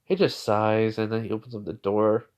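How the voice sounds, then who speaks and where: A man's voice: on the low side, fairly even intonation, normal speed, a little mellow. A man narrating an improvised fan story in a rambling way, full of fillers and restarts. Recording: dull lo-fi recording.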